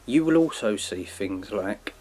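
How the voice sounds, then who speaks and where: A man's voice: on the low side, lively intonation, unhurried, darkish tone. Rambling man lecturing. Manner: rambling, with frequent "yeah" and "like" tags; earnest, lecturing. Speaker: video commentator. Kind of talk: casual explanatory monologue.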